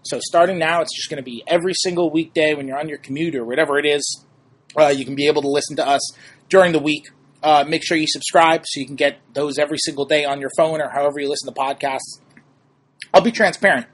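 Chatty husky-voiced young man. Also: fairly high pitch, fairly even intonation, fast talker. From New York. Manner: chatty, upbeat, self-deprecating asides. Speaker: podcast host. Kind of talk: casual sports podcast chat.

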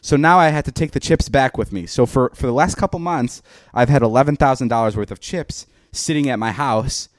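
A man's voice: medium pitch, brisk, hardly any pauses, no room sound, clean studio sound. A man in his twenties, a podcast host, telling a long story in casual chat, swearing often and acting out what people said. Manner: profane, animated, acts out quoted dialogue.

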